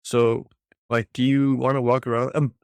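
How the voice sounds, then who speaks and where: Gravelly profane young man ranting. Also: medium pitch, flat delivery, normal speed, dry recording. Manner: profane, exasperated, slangy. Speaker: fitness vlogger. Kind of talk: casual ranting commentary.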